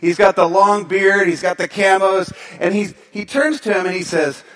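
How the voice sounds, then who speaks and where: Male pastor, fairly high voice, animated storyteller, sermon delivery. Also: moderate pace, hardly any pauses. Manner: storytelling, animated, then softer in prayer.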